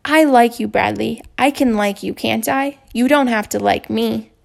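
A woman voicing a gentle, patient female school counselor who speaks softly and reassuringly. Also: a little high, moderate pace, creaky. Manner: soft, reassuring.

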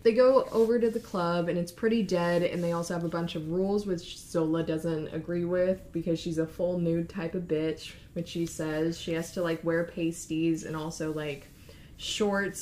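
Young woman retelling a wild story. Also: slight background noise. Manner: lively, acts out quotes with shifting pitch. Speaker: podcast co-host. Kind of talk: casual storytelling recap.

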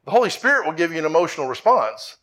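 A man's voice: on the high side, very animated, rapid-fire, a bit bright. A male pastor preaching a sermon with earnest, repetitive emphasis that climbs to emphatic peaks. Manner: earnest, repeats himself, rising to emphatic peaks.

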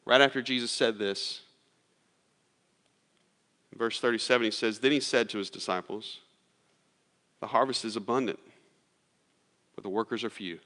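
A pastor delivers a sermon in a loose, chatty storytelling manner, full of fillers and restarts. His voice has a bright, forceful edge. It rings out with a long reverb, as in a large sanctuary. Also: medium pitch, fairly even intonation, normal speed, pauses often. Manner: casual, storytelling with lots of fillers. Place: church sanctuary.

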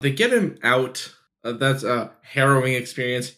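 A man's voice: medium pitch, animated, moderate pace, sharp tone. A man co-hosting a podcast, recapping a horror movie in casual chat with dry jokes and casual swearing. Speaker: podcast co-host.

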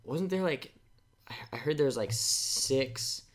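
A man's voice: medium pitch, animated, measured pace. A young man co-hosting a podcast, chatting eagerly about films with lots of fillers. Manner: enthusiastic, many fillers, mumbles. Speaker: podcast co-host. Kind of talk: casual movie chat.

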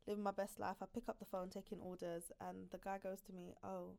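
Guesting on a podcast, a young UK woman in her twenties spins casual stories, laughing often and voicing what others said. She talks fast in a mid-range, level voice that is gravelly and darkish.

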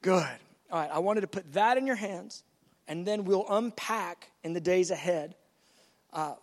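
Male preacher acting out God's words. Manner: acts out dialogue with God, dropping to soft low voice for God's lines; emphatic, repetitive preaching cadence. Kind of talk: sermon.

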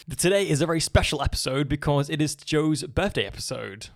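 A man's voice: a little high, lively intonation, a little fast, vocal fry, no room sound, studio quality. A man in his twenties co-hosting a podcast, chatting casually, laughing often and rambling. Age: 20s. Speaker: podcast co-host.

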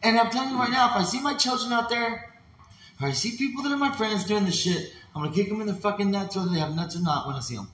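A man rants heatedly and profanely, swearing and acting out voices as he tells his story. His voice sits high, fast, and fairly bright, in a very echoey room with faint noise.

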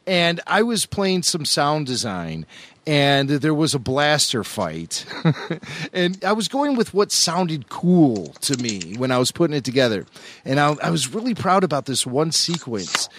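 A man's voice: a little high, unhurried, a little hiss or hum. A man co-hosting a podcast, telling stories in a casual chat and laughing often. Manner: animated storytelling, laughs often.

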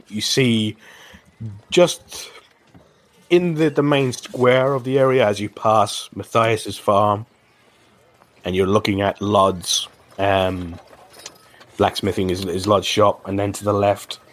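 A man narrating a tabletop game as game master, halting with many fillers and restarts. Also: on the low side, slight background noise.

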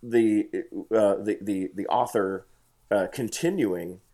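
Leading an informal bible study discussion, a man speaks slowly in a low voice with a dark tone. He hesitates a lot, using many fillers and restarting sentences, and reads passages of scripture aloud.

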